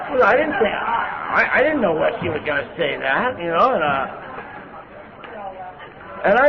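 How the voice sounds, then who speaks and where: A middle-aged man from California telling his recovery story at a meeting, candid and conversational, full of "you know". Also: high-pitched. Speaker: AA speaker. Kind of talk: recovery testimony. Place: convention hall podium. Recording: tinny lo-fi tape recording.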